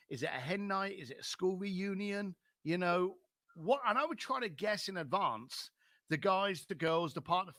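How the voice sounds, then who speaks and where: A man with a London accent tells stories as a podcast guest, lively and animated, slipping into other people's voices as he goes. His voice sits high and has a bright, forceful edge. The sound is close and dry. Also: no room sound. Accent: London English. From London, England. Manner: animated storyteller who acts out other people's lines. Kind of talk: storytelling in a podcast interview.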